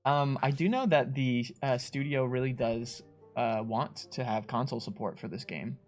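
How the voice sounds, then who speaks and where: A man's voice: medium pitch, moderate pace, soft background music. Chatty man co-hosting a livestream. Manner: chatty, laughs often, animated when mimicking players. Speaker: streamer co-host reading chat. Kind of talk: casual livestream chat.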